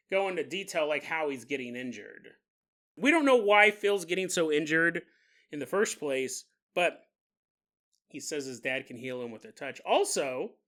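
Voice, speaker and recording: A man hosting a podcast, telling a strange story in a joking, animated way and often laughing. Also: high voice. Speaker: podcast host. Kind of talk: comedic storytelling.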